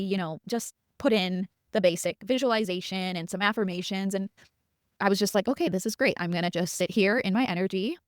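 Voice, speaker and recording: A podcast host in her thirties tells a personal story in a chatty, casual way, laughing now and then and quoting her own thoughts in asides. Her voice sits at a medium pitch, and the recording is dry with clean studio sound.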